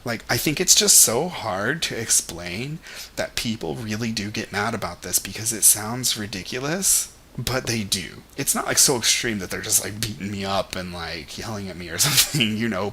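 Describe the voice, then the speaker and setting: A man's voice: lowish voice, lively intonation, normal speed, bright, forceful tone, a little hiss or hum. A young man talking in a casual vlog monologue, rambling and candid, with lots of "like" and "you know". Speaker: vlogger.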